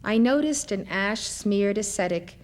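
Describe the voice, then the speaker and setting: A woman giving a spiritual lecture and reading a story aloud with measured delivery. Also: mid-range voice, expressive.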